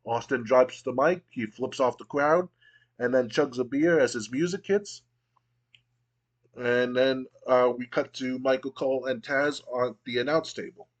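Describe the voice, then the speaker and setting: A man hosting a casual let's play, narrating the action in a relaxed play-by-play way with occasional fillers. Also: medium pitch, a little slow, muffled recording.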